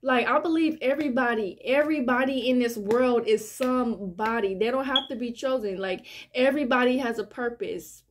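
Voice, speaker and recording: A woman's voice: a little high, normal speed, hardly any pauses, slight background noise. A woman, talking casually and earnestly to her viewers about faith, repeating herself as she preaches. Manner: earnest, repetitive, heartfelt preaching. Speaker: spiritual vlogger. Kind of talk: casual spiritual monologue to viewers.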